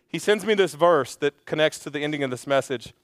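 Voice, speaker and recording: A man preaching to his congregation from a church stage, earnest and conversational, tossing in quick asides and repeating his key phrases. His voice sits high for a man and comes through smooth and resonant. The sound is dry and close. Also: animated, no room sound. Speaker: pastor. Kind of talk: sermon.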